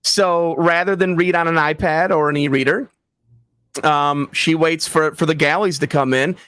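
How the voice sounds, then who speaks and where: A man's voice: fairly high pitch, normal speed, smooth, dry recording. A man, an author and guest, telling stories in casual interview chat and acting out the voices of people he quotes. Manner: animated storyteller, acts out quoted voices. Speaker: author and book site founder, guest.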